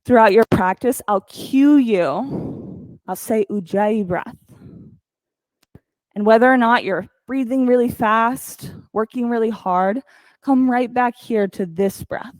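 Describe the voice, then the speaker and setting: A woman teaching a yoga class, calmly counting breaths and cueing poses with encouragement. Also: a little high, takes it slowly, dry recording, poor audio. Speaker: yoga instructor. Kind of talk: guided yoga class cues.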